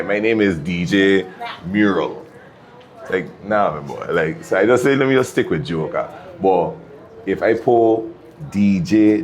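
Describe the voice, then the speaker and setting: A man with a Virgin Islands accent, a DJ telling stories in a casual interview in a laid-back way. He often checks in with his listener and laughs as he talks. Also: deep voice. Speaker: DJ and music producer.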